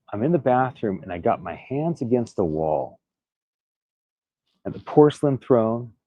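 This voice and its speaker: A vlogger recovering from illness tells a personal story to the camera, earnest and candid in a casual way, often restarting sentences and letting out little laughs. His voice is fairly low. The audio has no room sound and the highs are cut off.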